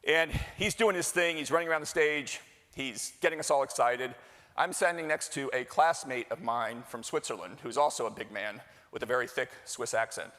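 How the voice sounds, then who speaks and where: A man's voice: mid-range voice, moderate pace, a bit bright. A middle-aged man giving a chatty live conference welcome, joking and quizzing the audience. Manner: jokey, chatty, works the crowd with questions. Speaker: executive director giving opening remarks. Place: large hall with live audience. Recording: long hall reverb.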